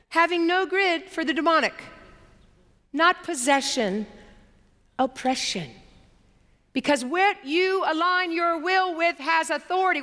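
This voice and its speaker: Woman preacher, sermon testimony, high voice, lively storytelling, emphatic repeats, long hall reverb. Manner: animated storytelling with emphatic repetition.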